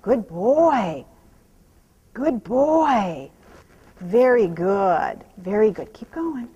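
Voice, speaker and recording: A woman horse trainer talking out loud while she rides, softly praising the horse and explaining each step. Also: medium pitch, expressive, very slow, slightly rough, highs cut off. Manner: soothing praise to the horse, mixed with quiet running explanation. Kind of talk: narrating while riding.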